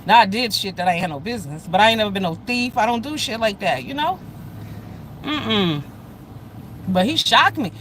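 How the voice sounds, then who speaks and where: A woman ranting on a casual livestream, blunt, loud and profane, talking straight to her viewers. Her voice is bright and cutting, with faint traffic noise behind her. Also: medium pitch, lively intonation, moderate pace, rough recording. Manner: addresses chat viewers directly. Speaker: live streamer.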